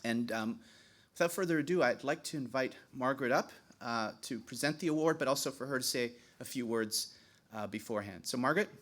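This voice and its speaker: A man's voice: medium pitch, a little fast, a bit bright. A man introducing an award winner at a podium, hesitant and full of filler sounds. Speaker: award presenter. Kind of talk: introducing a speaker.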